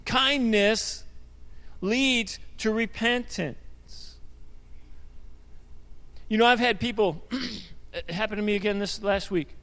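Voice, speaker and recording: A male pastor with a notably high voice delivers a sermon in an easy, conversational way, stumbling over repeated words and throwing in asides. His voice rings out with the long reverb of a church sanctuary. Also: slow pace, pauses often, sharp tone. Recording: hall reverb.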